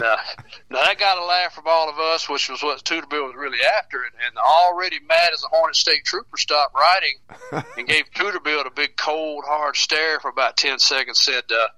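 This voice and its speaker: A man's voice: a little high, bright, forceful tone, low-quality recording. A man telling a folksy tale as a radio guest, chuckling and restarting as he goes. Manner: chuckles through his tales, halting repeats. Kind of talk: folksy storytelling.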